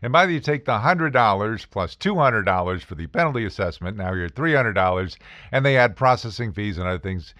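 This is an American man spinning casual, joking stories from his legal work. His pitch roams widely as he goes. The sound is close and dry, with no room around it. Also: lively intonation, fairly quick, fairly bright tone, no echo. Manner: wry, joking, acts out quoted voices. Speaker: attorney podcast host. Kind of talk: casual storytelling monologue.

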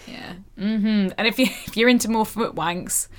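A woman's voice: mid-range voice, measured pace, slight background noise. Bubbly woman podcast co-host. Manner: bubbly, frank, swears freely. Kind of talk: casual chat.

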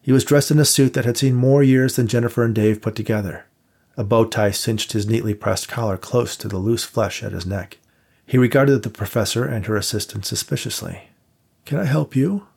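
A man reading a novel aloud as audiobook narrator in a measured storytelling manner. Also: on the low side, steady tone, gravelly, darkish tone, husky. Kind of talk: scripted narration.

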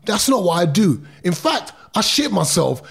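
A middle-aged ex-boxer, interviewed about his life, speaks in a high, sing-song voice at moderate pace, gravelly and slightly rough. His emotional storytelling is intense and emphatic, with drawn-out words and street slang.

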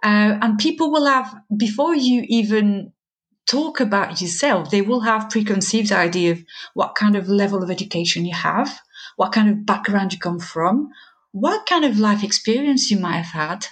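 A woman's voice: medium pitch, moderate pace. A middle-aged woman educator speaking as an interview guest, thoughtful and hesitant, with many fillers and restarts. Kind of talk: conversational interview.

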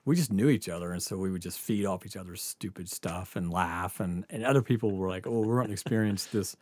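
A man's voice: low voice, brisk, darkish tone, no room sound, studio quality. A man casually telling a story, laughing often and swearing freely.

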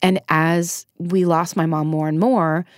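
A middle-aged woman talks candidly in a casual interview, laughing often at her own expense. Her voice sits a little low. The sound is dry and close. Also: flat delivery, unhurried, no echo. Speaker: podcast guest.

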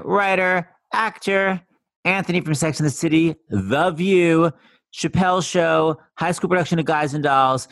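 Lively man telling a funny story. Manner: animated, acts out quotes in a high voice, laughs while telling. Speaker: podcast host. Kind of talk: casual storytelling.

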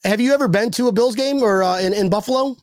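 Joking host, higher-pitched, dry close sound. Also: male voice, quick pace, no room sound. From United States. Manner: joking, upbeat. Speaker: podcast host. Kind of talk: casual podcast chat.

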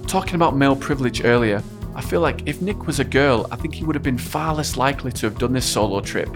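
A man's voice: mid-range voice, fast. A man hosting a podcast, asking questions and reflecting earnestly. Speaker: podcast host. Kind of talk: interview and reflective monologue. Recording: music bed under voice.

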